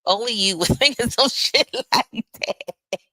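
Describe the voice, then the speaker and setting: A woman's voice: fairly high pitch, unhurried, sharp tone, dry recording, poor audio. A woman hosting a live stream, chatting casually with viewers in a loose, profane way with laughing asides. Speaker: livestream host.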